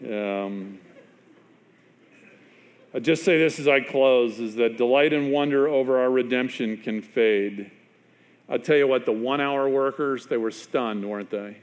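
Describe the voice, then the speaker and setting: A man preaching a sermon as a pastor, telling a story with long pauses and dropping to a hushed, quiet voice for emphasis. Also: medium pitch.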